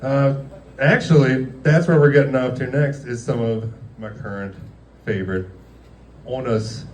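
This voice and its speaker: A man's voice: medium pitch, measured pace, a little mellow, recorded from a distance. A man in his thirties doing casual stand-up in a restaurant, rambling and laughing through his stories with lots of "like". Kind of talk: casual stand-up comedy storytelling. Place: dimly lit restaurant, live audience.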